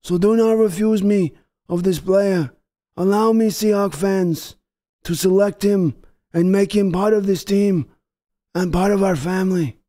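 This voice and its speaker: A man putting on a mumbling old male mob boss voice, slow and pleading. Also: sits high, mellow. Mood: solemn pleading.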